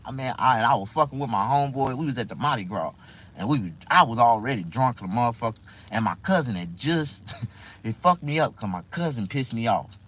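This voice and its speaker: Man, casual storyteller, profane, rambling, pitch swinging all over. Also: animated, brisk, fairly bright tone. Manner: profane, rambling, laughs often. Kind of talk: casual anecdote telling.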